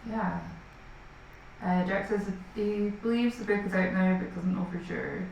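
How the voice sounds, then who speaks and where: A woman's voice: mid-range voice, steady tone, moderate pace, darkish tone, heavy reverb, far from the mic, slight background noise, low-quality recording. A woman co-hosting a livestream, casually reading viewer comments aloud. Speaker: co-host reading chat.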